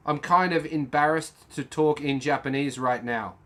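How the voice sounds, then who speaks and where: A man's voice: on the high side, normal speed, fairly bright tone. A man hosting a casual live chat from home, rambling and chatting to his viewers and to a toy bird while having a drink. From half Scottish. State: drinking, a bit tipsy. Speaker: livestream host.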